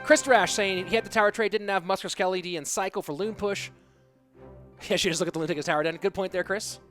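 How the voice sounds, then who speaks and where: A man doing live play-by-play esports commentary, quick and chatty, joking with his viewers between plays. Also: high-pitched, steady tone, a bit bright. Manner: quick, chatty, jokes with the audience. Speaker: esports caster. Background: music.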